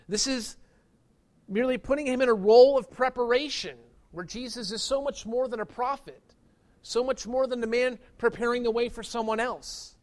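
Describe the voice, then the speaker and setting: A man preaching a sermon as pastor, earnest and emphatic, pressing his points with rising stresses. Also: extremely high pitch.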